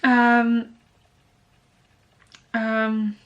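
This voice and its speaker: Young woman, fitness vlog, chatty, blunt, motivational, slightly high voice. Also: completely flat delivery, extremely slow, a bit bright, highs cut off. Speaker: fitness vlogger. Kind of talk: casual chat to camera.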